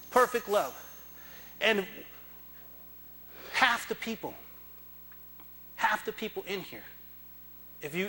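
Preacher guy in church, high voice, real bright, gets loud and fired up. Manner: impassioned, rising to loud emphatic peaks; acts out biblical figures in dramatic dialogue. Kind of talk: sermon.

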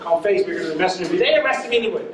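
A man preaching a testimony to a congregation, animated and laughing as he acts out voices in his story. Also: sits high, very fast. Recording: echoey and distant from mic, audience noise.

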